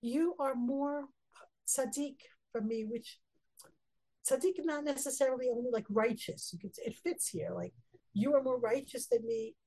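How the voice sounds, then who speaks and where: A woman's voice: high voice, big pitch swings, moderate pace, gravelly, dark tone, husky, low-quality recording. A woman teaching a Torah lesson, reading Hebrew verses and explaining them earnestly. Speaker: Bible teacher.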